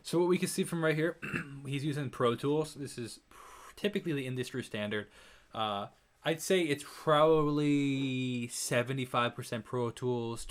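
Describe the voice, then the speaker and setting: A man's voice: mid-range voice, fairly bright tone. Rambling young man explaining studio tricks. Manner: rambling, self-correcting, demonstrates sounds aloud. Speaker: music reaction host. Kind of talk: casual explanatory commentary.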